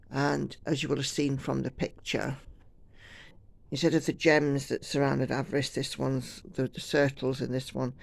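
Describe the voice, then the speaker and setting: A woman's voice: rumbling low, gravelly, darkish tone, no room sound. A woman from the United Kingdom chatting casually and rambling while she stitches at home. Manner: chatty, rambling, self-deprecating. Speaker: cross-stitch vlogger.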